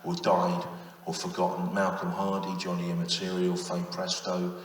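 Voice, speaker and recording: A man's voice: low-pitched, monotone, moderate pace, a little hiss or hum. A man in his fifties doing a live stand-up routine, sardonic and self-mocking, leaning on tag questions. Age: 50s. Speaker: stand-up comedian. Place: large theatre on stage. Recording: distant echoey hall with loud audience.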